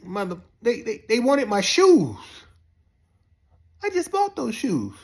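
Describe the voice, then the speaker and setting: A man telling a profane comic story, jumping up high when excited. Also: slow. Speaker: comedian storyteller. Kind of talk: comic monologue.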